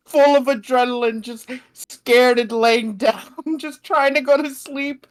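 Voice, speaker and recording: A woman's voice: sits high, fairly even intonation, slow. A woman co-hosting a podcast in easygoing, casual chat. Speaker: podcast co-host.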